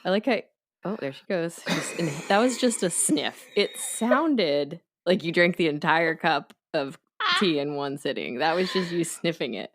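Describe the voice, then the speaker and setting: A woman's voice: fairly low pitch, animated. A woman from New England co-hosting a podcast, chatting and teasing playfully. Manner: teasing, playful, quick to joke. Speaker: podcast co-host. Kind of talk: casual chat.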